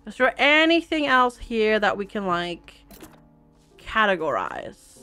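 High bright woman gamer chatting and giggling, faint game music in back. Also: expressive, a little slow. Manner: chatty, giggly, reads game text aloud. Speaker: game streamer. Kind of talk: casual let's-play chat.

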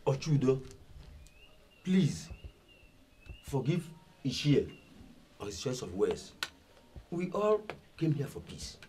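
A slow, soothing village elder. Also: male voice, medium pitch, big pitch swings, dark tone, a little hiss or hum. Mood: placating. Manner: soothing, pleading. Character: calm village elder urging peace. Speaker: family elder mediating.

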